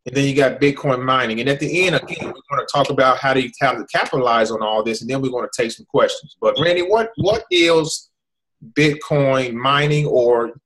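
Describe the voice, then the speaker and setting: A man's voice: mid-range voice, a little fast, a bit bright, low-quality recording. An American man hosting an online hangout, explaining with frequent restarts and repeated "okay?" checks. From USA. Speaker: host. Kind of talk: casual hangout presentation.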